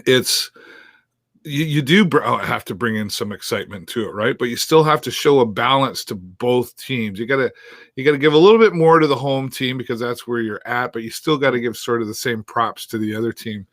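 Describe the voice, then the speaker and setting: A man's voice: mid-range voice, a little fast, a bit bright, no echo, clean studio sound. A man hosting a live stream, chatting casually with a lot of fillers and restarts. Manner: rambling, many fillers and restarts. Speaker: live-stream host and sports commentator. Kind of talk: casual chat.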